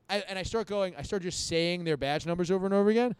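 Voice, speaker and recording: Guy in his 30s telling a wild bar story, cursing a lot, fairly high smooth voice. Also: fast talker, hardly any pauses, dry recording. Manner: profane, animated storyteller acting out his own quotes. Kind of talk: casual storytelling chat.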